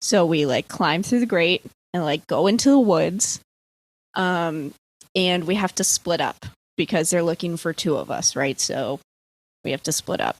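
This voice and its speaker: Brief: young woman, podcast guest, loose rambly storyteller, a bit low-pitched, dry close sound. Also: measured pace, no room sound. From US East Coast. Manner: rambling, filler-heavy, swears freely. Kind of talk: casual dream storytelling.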